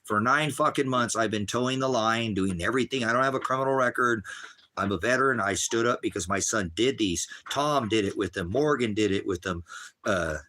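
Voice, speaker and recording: Middle-aged man, bright edgy voice, rambling profane livestream rant. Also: on the low side, a little fast.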